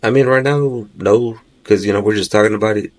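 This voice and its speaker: Guy with a lowish voice, rambling through a dream story, says "you know" a ton. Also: a little fast. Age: adult, father of three. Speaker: podcast guest. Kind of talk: recounting a nightmare in conversation.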